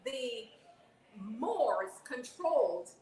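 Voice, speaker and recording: A woman in her forties co-hosting a casual panel chat, an animated storyteller who keeps checking in with "okay?". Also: sits high, very slow, reverberant, poor audio. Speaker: co-host.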